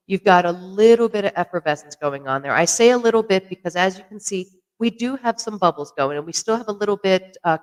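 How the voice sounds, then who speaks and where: A chatty podcast host rambles to the camera at an easy, conversational pitch. The voice is smooth and clear, full of fillers and self-corrections. Now and then they pause for a sip. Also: poor audio. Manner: sips a drink while talking. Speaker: podcast host reviewing beer. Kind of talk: casual chat to camera.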